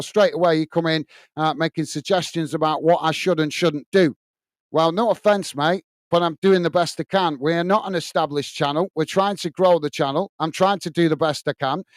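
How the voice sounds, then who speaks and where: A middle-aged man with an English accent calls a live football match and reads out viewer chat, calling everyone mate. His voice is smooth and clear and sits a little high. It is recorded close on a dry mic with no room sound. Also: steady tone, normal speed, no room sound. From England. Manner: blunt, upfront, addresses viewers as mate. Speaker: watch-along host.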